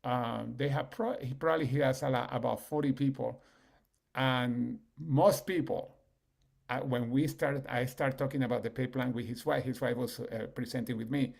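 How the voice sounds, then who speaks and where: A man, a business leader telling stories on a call in an animated way. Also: normal speed, gravelly. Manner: animated, acts out quoted people with rising pitch.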